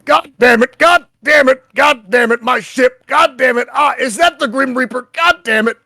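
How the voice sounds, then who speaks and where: A man voicing a gruff, panicking older man who yells and swears from a tank in a tabletop game. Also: extremely high pitch, normal speed, dry recording, clean studio sound, voice pushed up, exaggerated voice. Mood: frantic. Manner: shouting and swearing.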